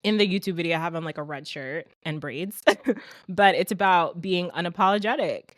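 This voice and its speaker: A young adult woman hosting her own podcast in a casual solo talk, animated and talking straight to her listeners like a friend. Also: lowish voice, moderate pace, no room sound, studio quality. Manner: animated, talks straight to listeners, calls them "sis" and "girl". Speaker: podcast host.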